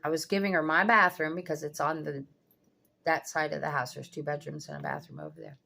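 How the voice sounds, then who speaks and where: An older woman with a low, gravelly voice tells a long personal story to her camera. She is blunt and freely profane, recounting things with exasperation, and a faint hiss of noise sits under her voice. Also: fairly even intonation, a little fast, bright, forceful tone. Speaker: vlogger. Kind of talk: casual storytelling.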